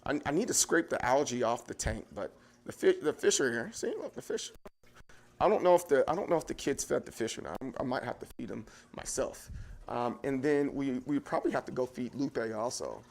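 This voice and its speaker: A man livestreams casually from his home kitchen, carrying a handheld camera as he talks directly to viewers in a chatty, rambling way. His mid-range voice has lively intonation and a slightly mellow tone, and he speaks fairly quickly.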